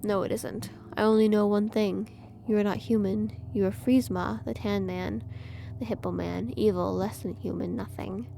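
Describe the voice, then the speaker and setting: A woman's voice: mid-range voice, fairly even intonation, normal speed, vocal fry, warm tone, slight background noise, close to an everyday voice. A woman voicing a male artificial child creature who talks in a pained, pleading way to the one who raised him.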